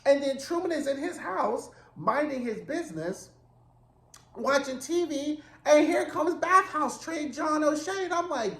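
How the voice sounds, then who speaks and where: A man recapping a TV episode in a casual monologue, animated, campy and profane in his storytelling. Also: extremely high pitch, unhurried, echoey room. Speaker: TV recap reviewer.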